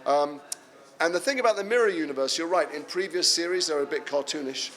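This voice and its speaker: An English man, an actor answering fan questions at a convention panel, telling animated, self-deprecating stories. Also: on the high side, fairly quick. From England. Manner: animated anecdotal storytelling, self-deprecating humour.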